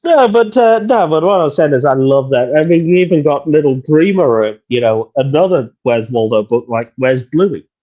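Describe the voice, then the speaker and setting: A man's voice: on the high side, lively intonation, normal speed, hardly any pauses, muffled recording. A man co-hosting a casual book-talk podcast, talking animatedly with stumbling restarts. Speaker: podcast co-host. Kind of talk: casual chat.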